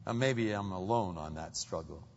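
A man with a husky voice preaching a sermon as pastor, swinging from loud, rising exclamations to hushed low asides and throwing rhetorical questions at the congregation. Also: moderate pace, slight background noise. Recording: dull, long-reverb hall sound.

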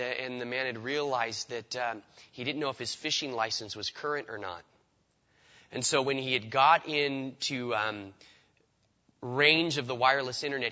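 A man's voice: medium pitch, bright, forceful tone, big-room sound, dull audio. A man preaching a sermon in a conversational way, often repeating words as he starts a sentence. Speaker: pastor.

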